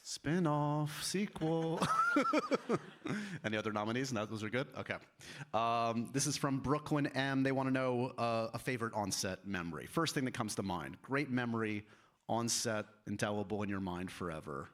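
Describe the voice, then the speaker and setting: A man's voice: fairly low pitch, moderate pace. A man moderating a panel, reading out audience questions in an upbeat, playful way.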